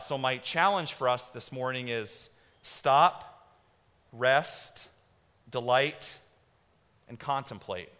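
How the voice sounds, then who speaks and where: A man in his thirties preaching a sermon as a pastor, conversational at first and rising to impassioned exhortation, in a church sanctuary. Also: mid-range voice. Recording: reverberant hall with soft music.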